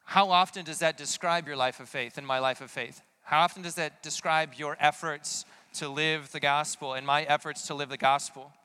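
A man's voice: fairly high pitch, steady tone, normal speed, hardly any pauses, pushed and bright, clean tone. A man giving a conversational sermon, asking many rhetorical questions. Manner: casual, full of rhetorical questions. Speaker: preacher.

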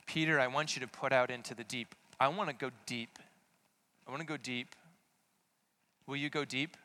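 A preacher voicing a hushed, gentle Jesus. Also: male voice, medium pitch, a little fast, in a large hall, natural voice. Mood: hushed invitation. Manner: hushed, intimate. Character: Jesus, gentle man speaking quietly.

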